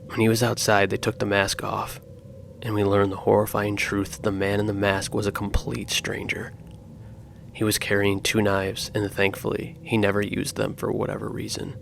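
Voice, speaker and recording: A man narrating true horror stories in a slow, grave scripted style. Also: on the low side, monotone, vocal fry, a little hiss or hum.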